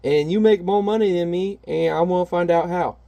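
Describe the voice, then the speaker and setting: A man's voice: high-pitched, fairly quick, creaky, warm tone, pitched above the performer's own voice. A man doing a sneering comic-book bad guy. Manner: mocking, whiny bragging. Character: sneering comic-book villain, adult male, petty.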